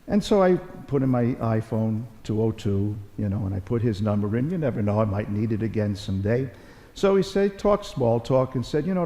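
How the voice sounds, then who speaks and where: Middle-aged bishop guy telling stories in a homily, warm low tone, echoing church. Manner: folksy storytelling, repeats phrases, self-deprecating humor. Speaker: Catholic bishop. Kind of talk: conversational homily at Mass. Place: large church. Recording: long church reverb.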